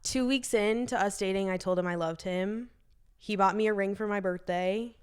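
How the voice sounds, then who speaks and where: A woman's voice: mid-range voice, moderate pace, clear, resonant tone. A woman in her early twenties, a podcast guest telling stories casually, chatty and full of fillers, acting out quoted dialogue. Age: early 20s. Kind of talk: casual storytelling.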